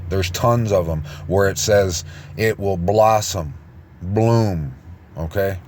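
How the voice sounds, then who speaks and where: A man giving informal online religious teaching, rambling and halting with many false starts and restarts as he reads passages aloud. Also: sits low, a little mellow, slight background noise. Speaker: preacher.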